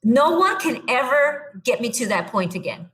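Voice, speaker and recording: A young adult woman, a podcast guest, telling her own story in a blunt, animated way and acting out what she said back then. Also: high voice, normal speed. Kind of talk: casual storytelling.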